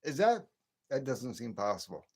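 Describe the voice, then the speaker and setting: In a husky, darkish, mid-range voice with big pitch swings, a man talks at normal speed. He's in his late fifties, from the northern US near the Canadian border, and hosts a late-night livestream where he rambles casually and chuckles to himself.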